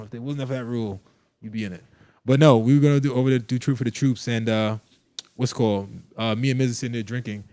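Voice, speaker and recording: Man, former wrestler, talks fast, rambles and restarts, middle pitch; loose comedy guest. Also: no echo. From Brooklyn, New York. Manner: rambling, rapid, with repeated restarts and apologies. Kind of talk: casual comedic interview banter.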